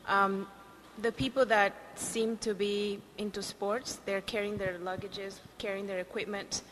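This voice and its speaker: A woman in the audience asking a question hesitantly, with pauses and fillers. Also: mid-range voice, flat delivery, fairly bright tone, slight background noise. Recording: echoey hall.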